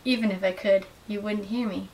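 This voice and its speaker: A young adult woman giving an earnest, measured dramatic reading of literary excerpts as a student reader. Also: medium pitch, fairly even intonation, darkish tone. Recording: distant mic with faint hiss.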